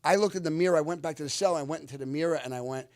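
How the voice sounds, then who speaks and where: Man, 50s, actor guest, animated and earnest storyteller, slightly high voice, dry close-mic sound. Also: very fast, dry recording. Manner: animated, lively retelling with acted-out quotes; earnest, reflective when giving life lessons. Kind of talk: casual storytelling interview.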